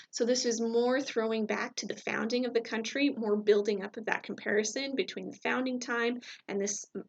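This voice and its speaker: A woman's voice: medium pitch, gravelly, lo-fi sound. A woman teacher talking through a recorded lecture in a conversational way, checking in with "right?" and using fillers.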